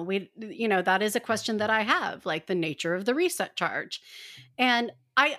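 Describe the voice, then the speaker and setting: A woman of middle pitch recaps an episode for her co-hosts in a casual fan chat. She talks animatedly and slips into quick acted-out voices for the characters. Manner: animated, acts out characters' lines in quotes. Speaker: podcast co-host.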